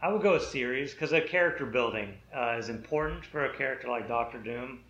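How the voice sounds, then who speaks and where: A man's voice: medium pitch, a little fast, fairly bright tone. A man in a casual chat who argues his points in a matter-of-fact way. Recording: echoey, dull room recording.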